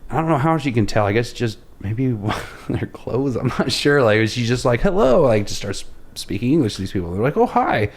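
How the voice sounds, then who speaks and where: A man's voice: mid-range voice, a little fast, hardly any pauses. A man from Oklahoma, a podcast guest, casually telling rambling, self-deprecating travel anecdotes. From Oklahoma, USA. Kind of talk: casual storytelling.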